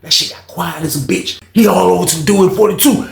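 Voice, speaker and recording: A man's voice: high-pitched, fast talker, creaky, few pauses, reverberant. A man casually telling a prison story with plenty of fillers and swearing. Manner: casual, profane, lots of fillers.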